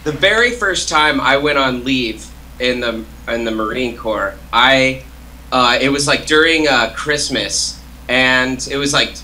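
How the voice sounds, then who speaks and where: A man's voice: medium pitch, measured pace, pushed and bright, a little hiss or hum, rough recording. A young man co-hosting a casual chat, telling a rambling story packed with "like" and "uh" fillers. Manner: rambling, heavy use of "like" and "uh" fillers. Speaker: co-host.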